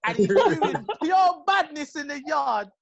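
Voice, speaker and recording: A young man with a London accent, telling a story in an animated, slang-heavy way as a podcast co-host. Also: very high voice, a little slow, gravelly, dull audio, over a noisy crowd. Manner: slangy, lively, full of street slang tags. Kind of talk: animated storytelling in casual chat.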